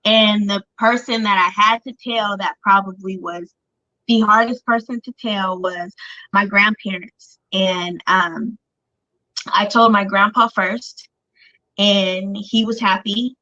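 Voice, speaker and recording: Bright-voiced woman telling her story. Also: mid-range voice, fairly even intonation, slow pace, no room sound. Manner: candid, filler-heavy speech with frequent "like" and "um". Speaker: guest. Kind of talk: personal storytelling interview. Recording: dull lo-fi dry recording.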